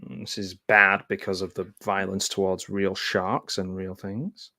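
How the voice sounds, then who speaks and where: Male host, lowish voice, dead-dry close mic, chatty sardonic movie commentary. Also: little pitch movement, a little slow, sharp tone, no room sound. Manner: chatty, sardonic asides with frequent filler ums. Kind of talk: casual live movie commentary. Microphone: close mic in front of a green screen.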